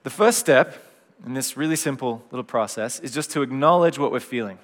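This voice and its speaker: A middle-aged man preaching a gentle, reflective sermon in a conversational way. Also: mid-range voice, fairly quick. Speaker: pastor. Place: church hall. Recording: long hall reverb.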